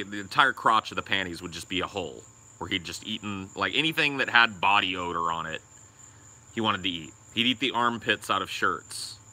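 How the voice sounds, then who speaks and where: A man's voice: fairly low pitch, sharp tone. A young man co-hosting a podcast, telling a rambling, crude story and swearing a lot. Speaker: podcast co-host.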